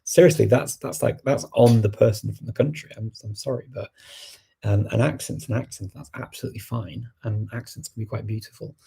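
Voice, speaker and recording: A man's voice: fairly low pitch, fairly even intonation, fairly quick, gravelly, dark tone, slightly rough. A middle-aged man hosting a language-learning show, answering viewer questions in a casual, conversational, emphatic way. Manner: conversational and emphatic, many restarts and laughs. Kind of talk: casual live Q&A chat.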